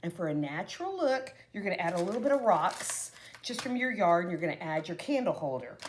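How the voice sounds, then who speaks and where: A middle-aged woman from Texas with a Texan accent, chatting casually to viewers as a craft and cooking vlogger with animated storytelling. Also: lowish voice, brisk, slight background noise.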